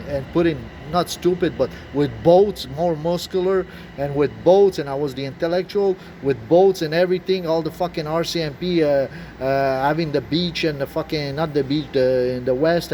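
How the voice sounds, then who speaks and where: Faint noise underlies this clip of a male video blogger whose voice is slightly high and slightly mellow. He rambles through a conspiracy monologue, agitated and swearing, restarting sentences and using fillers.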